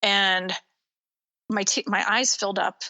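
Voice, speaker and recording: A woman psychic medium, a guest on an interview show, retelling a personal story in a halting way, with many ums and restarts. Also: medium pitch, fairly even intonation, sharp tone.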